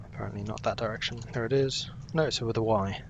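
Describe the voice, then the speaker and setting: A young man with a fairly low, gravelly voice talks fast in a steady tone while playing a game on stream. The recording is muffled with slight background noise, and he chats casually with viewers and himself.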